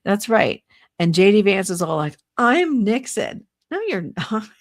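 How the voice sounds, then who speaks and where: A woman's voice: medium pitch, moderate pace, darkish tone. An older woman speaking as a psychic reader on a casual livestream, rambling and exasperated, with restarts and little laughs.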